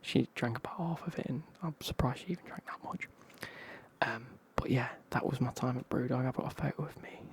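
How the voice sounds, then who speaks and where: A man from England with an English accent, telling a casual travel story in a whispered ASMR style, in a husky whisper with slang. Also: mid-range voice, fairly quick. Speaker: ASMR creator.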